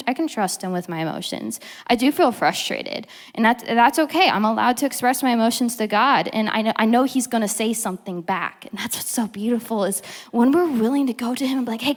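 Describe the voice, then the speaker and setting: A woman's voice: fairly high pitch, animated, fairly quick, hardly any pauses. Chatty young woman teaching in a reverberant hall. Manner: chatty, many fillers, acts out quotes. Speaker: program teacher giving a devotional talk. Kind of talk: casual devotional teaching.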